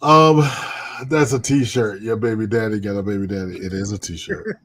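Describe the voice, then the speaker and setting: Animated, profane male co-host. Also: fairly low pitch, moderate pace. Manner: animated, profane, laughs often. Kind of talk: casual live-show banter.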